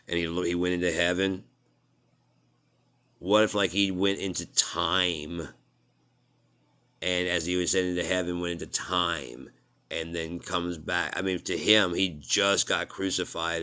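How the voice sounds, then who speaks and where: A man's voice: deep voice, sharp tone, clean tone. A man in a rambling, profane casual monologue, chuckling at his own jokes.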